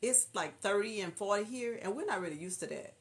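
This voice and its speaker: A woman's voice: medium pitch, lively intonation, a little fast. Chatty woman with a Southern drawl. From Houston, Texas. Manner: chatty, laughing, reads viewer comments aloud. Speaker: livestream host. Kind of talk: casual livestream chat.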